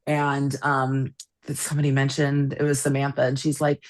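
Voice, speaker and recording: A woman's voice: rumbling low, moderate pace. A woman in her fifties co-hosting a casual podcast, telling stories with lots of laughter. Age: 50s. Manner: animated storyteller, laughs often. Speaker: podcast co-host. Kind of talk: casual group chat.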